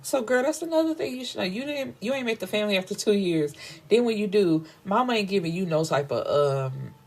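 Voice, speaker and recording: A woman hosting a book podcast, recapping a story in an animated, slangy way and swearing freely. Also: medium pitch, brisk.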